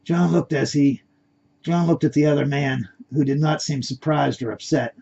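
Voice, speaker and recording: A man's voice: fairly high pitch, steady tone, normal speed, gravelly, warm tone, breathy edge, muffled recording. A man reading his own story aloud in a plain amateur way, with stumbles and restarts.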